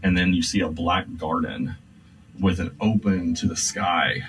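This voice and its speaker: A man narrating scenes as game master of a tabletop game, describing them slowly with many fillers. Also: deep voice, a bit bright. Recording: distant mic with faint music.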